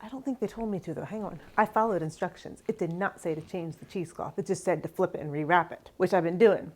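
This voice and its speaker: A woman's voice: lowish voice, fast talker. A woman hosting a home kitchen cheesemaking vlog, chatty and exasperated with a self-mocking streak. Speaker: cheesemaking channel host. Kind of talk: casual kitchen vlog talking to camera.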